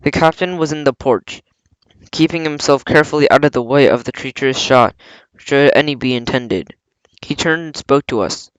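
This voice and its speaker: A man reading a novel aloud in a plain, steady way, with small slips and some throat clearing. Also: medium pitch, moderate pace, no echo, poor audio. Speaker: audiobook reader.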